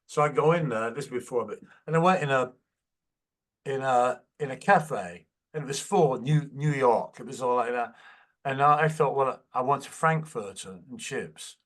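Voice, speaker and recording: A man's voice: medium pitch, normal speed. An older man with a Manchester accent, a guest musician telling stories in a casual interview and acting out quotes. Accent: Manchester English. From England. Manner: anecdotal, acts out quotes.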